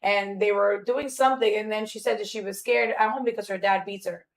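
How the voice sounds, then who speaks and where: A woman in her forties chatting casually as a podcast guest. She tells her story at an even middle pitch, with plenty of fillers, restarts and asides. It is relaxed, unhurried talk among friends.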